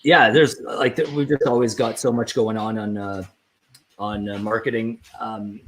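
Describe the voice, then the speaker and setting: A man's voice: lowish voice, steady tone, measured pace, fairly bright tone. A man, a team member chatting casually on a livestream, friendly and rambling with frequent restarts.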